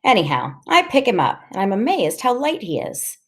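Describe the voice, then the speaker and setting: A woman's voice: medium pitch, huge pitch swings, moderate pace, breathy edge. A woman reading a first-person story aloud in a casual, slangy storytelling manner. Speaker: audiobook reader.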